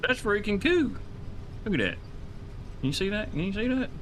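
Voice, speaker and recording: Bright-voiced excitable male streamer. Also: high-pitched, normal speed, a little hiss or hum. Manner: rambling, excitable, swears, laughs a lot. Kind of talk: casual game stream chat.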